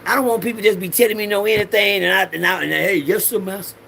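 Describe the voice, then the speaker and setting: A man's voice: high voice, racing, vocal fry, sharp tone, slight background noise. A middle-aged man rambling through a preachy personal monologue in loose slang, swearing freely and repeating lines for the audience to say back. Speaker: vlogger.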